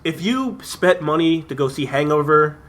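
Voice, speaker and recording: A man reviewing a movie in casual chat on a talk show, rambling and excited, with lots of fillers and restarts. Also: a little high, moderate pace.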